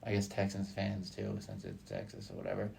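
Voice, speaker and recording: Male guest on a studio sports show, somewhat low voice, halting and full of ums. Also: big pitch swings, gravelly, darkish tone. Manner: hesitant, lots of "um", laughs easily. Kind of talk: casual chat. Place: college radio studio.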